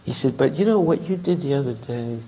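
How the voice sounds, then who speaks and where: A man's voice: medium pitch, expressive, a little fast, dark tone, slight background noise, low-quality recording. A man giving a class at a temple, telling a story conversationally and acting out both sides of a dialogue. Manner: conversational, acts out quoted dialogue. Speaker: temple speaker.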